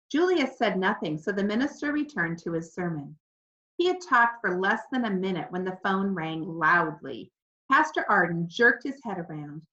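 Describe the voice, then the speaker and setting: Woman reading a children's story. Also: medium pitch. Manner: clear, expressive storytelling. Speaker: audiobook narrator. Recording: slightly dull lo-fi recording.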